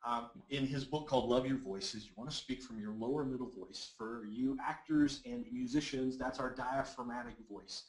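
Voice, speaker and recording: Male webinar presenter and voice coach, average pitch, energetic and coaxing; echoey room audio. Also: normal speed, few pauses. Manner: energetic and encouraging, reads audience comments aloud. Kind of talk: live webinar teaching.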